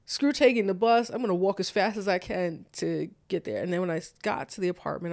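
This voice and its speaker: A young woman tells a story from her own life in a relaxed conversation. She talks in loose, animated bursts, scatters "like" everywhere and slips into the voices of the people she quotes. The sound is dry and close, with no room behind her. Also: fairly low pitch, quick pace, gravelly, no echo. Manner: animated, acts out both sides of quoted dialogue, frequent "like". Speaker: guest telling a personal story. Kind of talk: casual storytelling.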